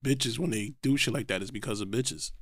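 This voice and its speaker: Man co-host, quick and brash, dry close sound, casual chat. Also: mid-range voice, fairly bright tone, no echo. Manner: brash, blunt, joking.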